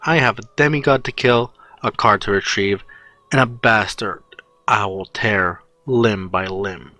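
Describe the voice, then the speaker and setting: A man's voice: unhurried, bright, forceful tone, no room sound, faint music behind. A man voicing an abrasive, brooding teenage boy hero in a fan story reading, curt and guarded. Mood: cold. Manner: curt, annoyed, low and guarded.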